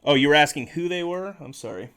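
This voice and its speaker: A man's voice: on the high side, expressive, fast, a bit bright, clear, resonant tone, faint music behind. A man chatting casually on a live stream as he opens packs, reading names aloud, joking and correcting himself along the way. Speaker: streamer opening trading card packs.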